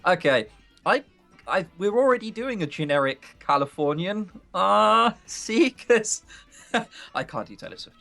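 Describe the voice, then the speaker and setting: A man's voice: sits high, very animated, measured pace, gravelly, pushed and bright, faint music behind. A man chatting casually on a live game stream, joking and chuckling.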